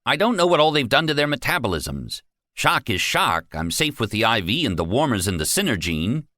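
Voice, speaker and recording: A flustered male medical technician, as a man reads him, halting and unsure of himself. The voice is lifted above the narrator's low pitch and sounds bright. Close and dry recording. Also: sing-song, no room sound. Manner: flustered, hesitant.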